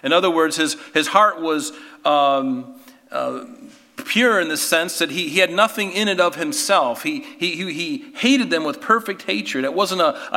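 A man delivers an earnest, emphatic sermon in a church, his voice fairly high and forcefully bright. Long reverb from the hall trails his words as he restarts phrases and presses rhetorical questions on the congregation. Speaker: preacher.

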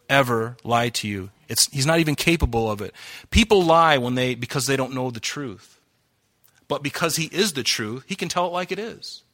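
A man delivers a passionate sermon to his congregation, getting openly worked up. His voice sits a touch high and rings bright and forceful. He laughs between points and throws in casual asides. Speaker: pastor. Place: church hall before a congregation.

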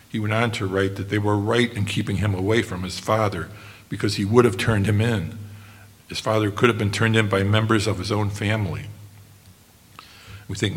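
An earnest male preacher delivers a sermon in a low voice. His delivery is measured, and he slows down deliberately for quotations. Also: fairly even intonation.

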